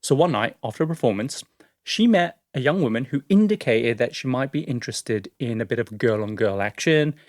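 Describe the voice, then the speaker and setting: A man's voice: mid-range voice, expressive, fairly quick, no room sound, clean studio sound. A man co-hosting a podcast, telling a story in a casual, chatty way with lots of fillers and laughs. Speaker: podcast co-host.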